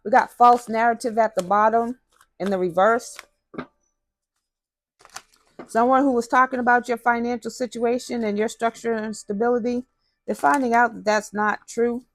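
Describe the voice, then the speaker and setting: A woman's voice: on the high side, fairly even intonation, moderate pace. Chatty woman doing a card reading. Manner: chatty, drops into slang, talks to viewers directly. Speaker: tarot reader. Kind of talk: casual spiritual card reading.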